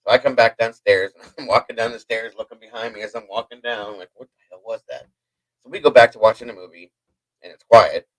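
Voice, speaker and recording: A man's voice: fairly low pitch, steady tone, quick pace, fairly bright tone, no echo, low-quality recording. A man hosting a livestream from home, telling a story in a hyper, rambling way with chatty asides to his viewers. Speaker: livestream host. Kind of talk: casual storytelling to a live chat.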